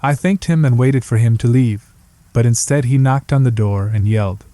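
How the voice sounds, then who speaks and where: A man's voice: mid-range voice, moderate pace, dark tone. A man narrating a first-person horror story in a gritty, hard-boiled detective manner.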